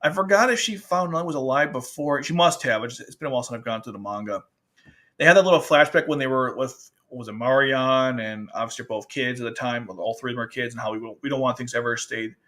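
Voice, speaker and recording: A man's voice: mid-range voice, a little fast, a bit bright. Rambling man reviewing manga. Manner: rambling, restarts often, acts out character lines. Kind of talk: casual chat.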